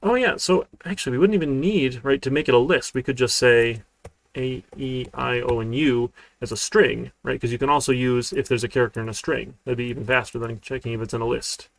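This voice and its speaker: Gravelly-voiced man teaching coding live. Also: mid-range voice, brisk. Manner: casual, talkative, keeps checking in with "right?". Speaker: university programming instructor. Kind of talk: live-streamed coding lecture.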